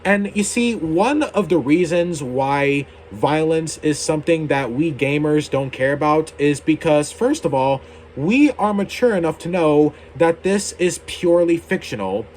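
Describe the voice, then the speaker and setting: A man's voice: fairly high pitch, a little slow, darkish tone, slight background noise. Heated young man ranting to camera. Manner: heated, indignant, swears casually. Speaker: YouTuber. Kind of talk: ranting opinion video.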